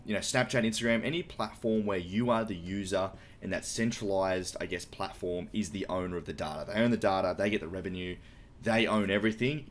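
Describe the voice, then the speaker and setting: Deep-voiced man explaining with enthusiasm. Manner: enthusiastic, informal, with light swearing. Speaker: podcast guest. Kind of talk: casual explaining.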